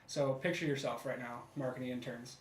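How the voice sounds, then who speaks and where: A man co-hosting a podcast in casual chat, telling a story in a relaxed, conversational way. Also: mid-range voice, fairly quick, far from the mic, a little hiss or hum. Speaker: podcast co-host. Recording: echoey room, off mic.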